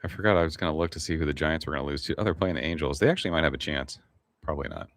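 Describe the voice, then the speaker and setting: A man's voice: rumbling low, very fast, fairly bright tone, dry recording. A middle-aged man hosting a casual live stream, rambling in a laid-back way and swearing now and then as he reads the chat. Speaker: livestream host.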